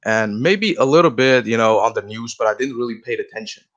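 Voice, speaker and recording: A man's voice: medium pitch, animated, fairly quick, fairly bright tone. Guy on a podcast, says like a lot, kinda muffled audio. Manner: chatty storyteller, filler words like "like". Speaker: podcast guest. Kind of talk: casual interview.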